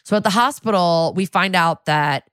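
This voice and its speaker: A woman with a low voice hosts a casual recap podcast. She tells the story with animated energy, briefly acting out characters' lines. The sound is dry and close. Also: moderate pace, smooth, dry recording. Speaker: podcast co-host.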